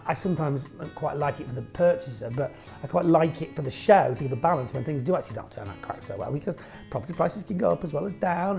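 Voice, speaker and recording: Viewer questions get loose, joking answers from a man speaking casually to camera in a slightly high, creaky voice with a dark tone. He rambles and keeps breaking off partway through sentences.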